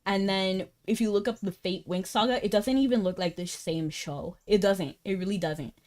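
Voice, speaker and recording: A woman's voice: medium pitch, moderate pace, darkish tone. A young woman streaming a game, chatting casually and animatedly, breaking into laughter and incredulous outbursts. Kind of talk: casual livestream chat while gaming.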